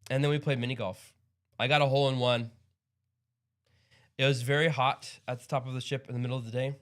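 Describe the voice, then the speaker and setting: A man's voice: mid-range voice, little pitch movement, brisk, a bit bright. A man hosting a livestream in casual chat, rambling and upbeat with frequent chuckles. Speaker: livestream host.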